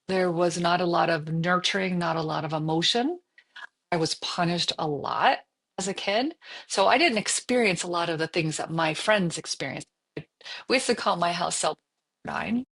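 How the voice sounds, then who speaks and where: A woman in her fifties talks as a podcast co-host, her voice slightly husky and breathy. She tells stories animatedly in a casual, conversational way, slipping into her own inner voice as she goes. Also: lowish voice. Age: 50s. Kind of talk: casual storytelling chat.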